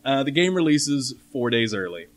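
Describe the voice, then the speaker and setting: A man hosting a casual gaming podcast, laying out details with wry, deadpan sarcasm. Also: medium pitch, moderate pace. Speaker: podcast host. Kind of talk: casual panel chat.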